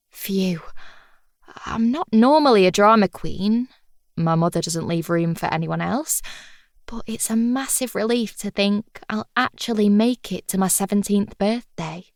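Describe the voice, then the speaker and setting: A woman's voice: mid-range voice, a little mellow, no room sound, clean studio sound. A woman reading a first-person audiobook in a wry, chatty, confiding manner. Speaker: audiobook narrator.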